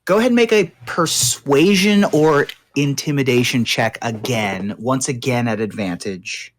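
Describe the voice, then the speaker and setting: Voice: medium pitch, measured pace. A game master narrating a tabletop game in a rambling way, with many fillers.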